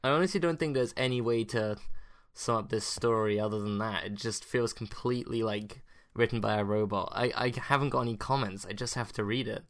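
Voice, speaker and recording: A man's voice: lowish voice, a little fast. A man co-hosting a casual comedic chat, dry and mock-serious, reading news stories aloud. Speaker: podcast co-host.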